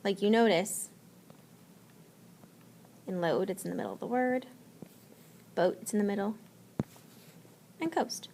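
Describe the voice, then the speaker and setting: A woman teacher giving a spelling lesson, slowly and patiently sounding out letters and words. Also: mid-range voice, a little mellow, a little hiss or hum.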